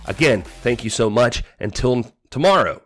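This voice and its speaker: A man hosting a podcast, giving a casual and opinionated wrestling recap with animated storytelling and exasperated asides. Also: medium pitch, normal speed, over loud music. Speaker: podcast host.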